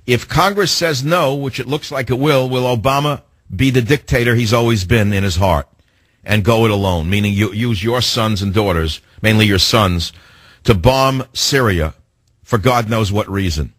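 A man's voice: fairly low pitch, no room sound. A man hosting a political talk radio show, combative and sarcastic, firing off rhetorical questions.

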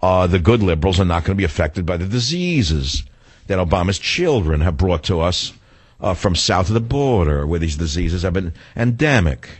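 In this talk radio monologue, the older male host rants at a moderate pace, his low, faintly husky voice rising and falling dramatically. Sarcasm and rambling asides fill his animated delivery, along with frequent restarts and self-corrections, all captured in a close, dry studio recording.

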